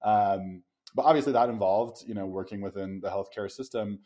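A man with a very low voice hosts a podcast interview. He frames long questions slowly and with some hesitation, often pausing on ums. He responds to his guest in a reflective way. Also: dark tone. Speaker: podcast host. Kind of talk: interview conversation.

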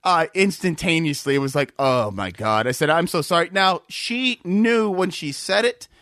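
A man co-hosting a casual podcast, telling stories in a profane, animated way and laughing often. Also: high voice, moderate pace, dry recording, studio quality. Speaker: podcast co-host.

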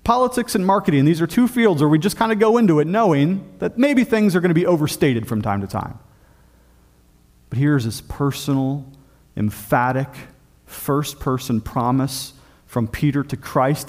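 A man preaching a sermon as pastor of a church, emphatic, often dropping low and quiet on key points. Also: lively intonation, normal speed.

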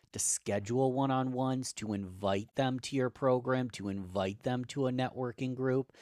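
A man with a slightly low, a bit hoarse voice gives business advice with punchy, emphatic energy. He sounds close and dry on the mic, with no room around him. His talk is conversational and driven. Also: dry recording. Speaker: podcast guest.

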